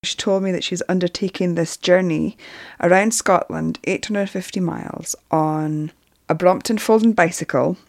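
A woman from the UK hosts her podcast in a relaxed, chatty way. Her voice sits a little low. She reads out listener messages between friendly asides. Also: moderate pace. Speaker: podcast host. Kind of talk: casual podcast chat.

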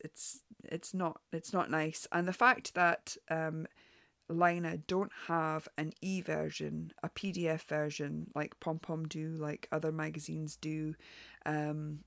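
A woman's voice: deep voice, dry recording, clean studio sound. A woman hosting a knitting show, reviewing patterns in a chatty, frank way, full of ums and restarts. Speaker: knitting podcast host. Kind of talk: casual spoken review.

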